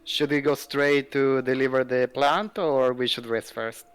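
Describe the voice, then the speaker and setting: A man's voice: medium pitch, flat delivery, unhurried, smooth, soft background music. Polite man player at a tabletop game. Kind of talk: in-character chat at a tabletop game.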